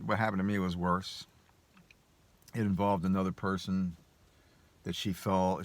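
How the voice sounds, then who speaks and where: A man's voice: lowish voice, a bit bright. A man telling a personal story in a casual monologue, rambling and hesitant with many restarts. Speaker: vlogger.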